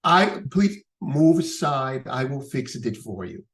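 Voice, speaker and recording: A man's voice: medium pitch, very animated, takes it slowly, fairly bright tone, exaggerated voice. A man voicing an older, proud and stubborn Sicilian immigrant bricklayer who speaks broken English with a Sicilian accent and a lisp. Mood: indignant. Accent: Sicilian Italian.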